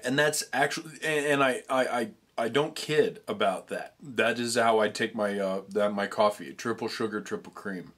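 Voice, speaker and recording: A man's voice: medium pitch, normal speed, few pauses, fairly bright tone. A young man chatting casually in a food review vlog, rambling with frequent restarts and stumbles. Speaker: vlogger tasting treats.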